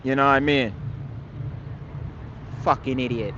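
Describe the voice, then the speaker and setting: A livestreaming man argues with his chat in a confrontational, scolding way, swearing often and repeating phrases while ending lines with "man." His mid-range voice is steady, unhurried and fairly bright. The audio is dull, with slight background noise.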